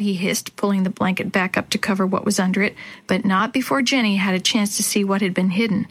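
Storyteller, female, measured and expressive, children's chapter book. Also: medium pitch. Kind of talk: scripted children's story narration.

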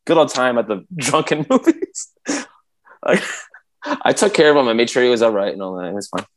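A man's voice: medium pitch, big pitch swings, brisk. A man in casual podcast chat, rambling with many restarts as he tells a story, acting out quotes and sound effects. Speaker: podcast co-host.

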